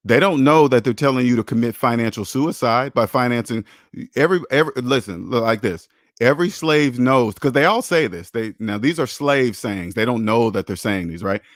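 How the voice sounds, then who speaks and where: A man's voice: mid-range voice, expressive, moderate pace, no echo. Blunt man hosting a money Q&A stream; preachy and profane, voice jumps up when he mocks, dry close mic. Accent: American English. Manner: blunt, preachy, swears for emphasis; repeats himself, rises sharply when mocking. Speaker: personal finance show host. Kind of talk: live Q&A stream, answering chat.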